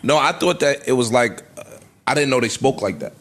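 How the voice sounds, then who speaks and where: A man's voice: mid-range voice, lively intonation, a little fast, a bit bright. A man on a podcast, talking in casual banter in a plainspoken, candid way.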